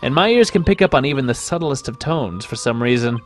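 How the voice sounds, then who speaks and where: A man's voice: mid-range voice, lively intonation, brisk, faint music behind, pitched below the performer's own voice, lightly acted. A man voicing an eager, bubbly young female lawyer in a video game. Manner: eager, chirpy. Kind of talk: reading game dialogue aloud.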